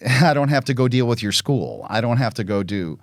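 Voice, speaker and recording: A man's voice: mid-range voice, normal speed, dry recording, studio quality. A middle-aged man, the show's host, talking bluntly and with profanity in casual podcast chat, acting out parent and child voices as he tells stories. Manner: blunt, profane, animated storytelling.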